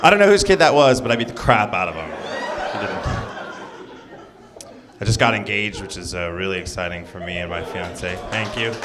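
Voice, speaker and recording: Over music in a live club recording, a young comedian with a deep, animated voice talks at normal speed. His stand-up set is loose and jokey, with asides to the audience between bits, amid laughter and clapping.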